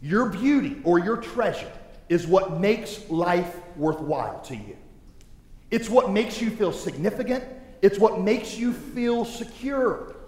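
This man's voice is high and a little slow as he, a pastor in his thirties, preaches. Animated and funny, he acts out voices while telling stories, and the recording carries the long reverb of an echoey hall.

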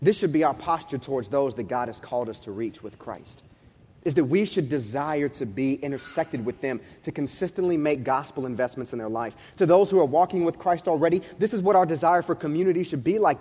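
A man in his thirties preaching a sermon as pastor, telling a story in animated street slang and acting out what people said. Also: fairly high pitch, fairly quick, husky. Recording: long reverb of a large hall.

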